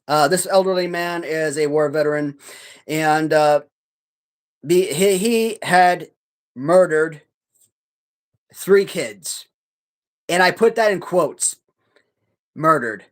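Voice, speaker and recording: A man's voice: high-pitched, clean tone. Man ranting with heavy profanity. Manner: halting, many restarts and fillers. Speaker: live-stream host. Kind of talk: casual live-stream chat.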